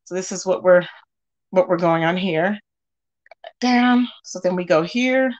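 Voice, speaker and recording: A woman hosting a casual gossip commentary, talking straight to her viewers in an animated way with lots of fillers. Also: fairly low pitch, unhurried, lo-fi sound. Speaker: commentary channel host.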